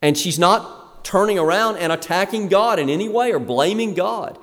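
A man delivers a sermon from the pulpit, emphatic and earnest, stumbling now and then on fillers before driving a point home. His voice sits a little high for a man. A long reverb from the hall trails after each phrase. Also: lively intonation, normal speed, a bit bright. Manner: emphatic, preacherly, with fillers and restarts. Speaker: pastor.

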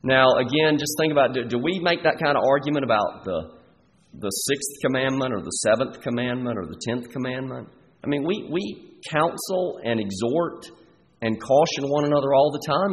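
A man's voice: mid-range voice, lively intonation, normal speed. A man preaching a sermon as pastor in a church, earnest and pressing his listeners with repeated rhetorical questions. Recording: long hall reverb, faint background noise.

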